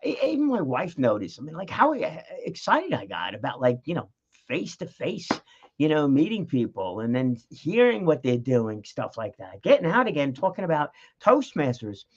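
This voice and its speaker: A man's voice: fairly high pitch, wildly swooping pitch, normal speed, breathy edge. Middle-aged guy rambling on his vlog, lots of uhs, kinda dull muffled audio. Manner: rambling, chatty, frequent fillers and laughs. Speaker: vlogger. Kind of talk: casual vlog monologue. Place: home, with a dog nearby.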